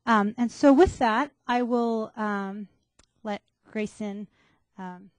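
A woman's voice: fairly high pitch, takes it slowly, dry recording. A woman pediatrician speaking at a community forum, earnest and explanatory in a conversational way.

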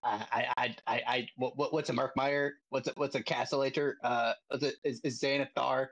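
A man's voice: mid-range voice, flat delivery, normal speed, a bit bright, highs cut off. A man voicing a confused, panicky goblin captive who stammers. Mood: panicked.

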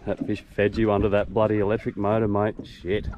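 Excited Australian man fishing from a boat. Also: lowish voice, fast talker, lo-fi sound. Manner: laid-back, encouraging, swears, calls his mate mate and bruz. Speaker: fishing vlogger and boat skipper. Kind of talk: excited casual commentary while fishing. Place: small boat on a lake outdoors. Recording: outdoor recording with clear background noise.

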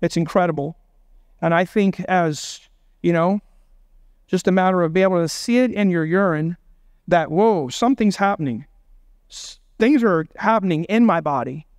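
A man's voice: high voice, moderate pace, dry recording, studio quality. A man preaching a sermon as pastor, emphatic and full of rhetorical questions.

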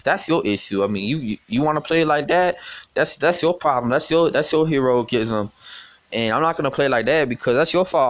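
A young male vlogger chats casually on the phone in a medium-pitched, slightly bright voice with no echo. He taunts and swears, stuttering and repeating words often.

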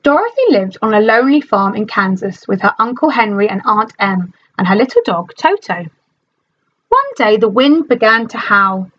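A woman teacher reading a storybook aloud to her class in an animated, expressive manner. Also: medium pitch, moderate pace, dull audio, a little hiss or hum.

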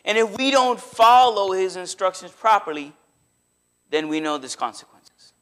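A man with a high, bright voice preaches a sermon in church. He talks conversationally and gets animated, often slipping into little acted quotes. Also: moderate pace. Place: church sanctuary.

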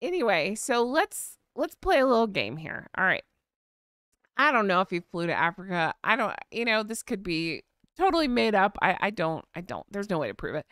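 A woman's voice: medium pitch, sing-song, normal speed, a bit bright, dry recording, studio quality. A woman with a Southern US accent, hosting a casual live-stream chat in a gossipy, giggly way. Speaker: host.

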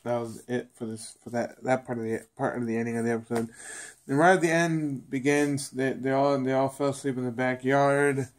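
A man's voice: medium pitch, little pitch movement, brisk. Casual rambling man reviewing a show. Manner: rambling, repeats himself, acts out characters' lines. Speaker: TV episode reviewer.

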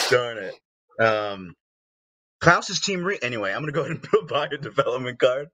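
A man's voice: mid-range voice, expressive, a little fast, fairly bright tone, dry recording. A young adult man playing a board game over a video call, joking and playful. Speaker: player. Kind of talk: casual game chat.

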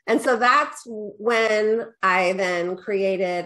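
Lively middle-aged woman telling her story. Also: normal speed. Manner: animated storyteller, quotes herself with rising pitch; peppers talk with "right?" and "da, da, da". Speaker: guest business coach. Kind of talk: casual storytelling interview.

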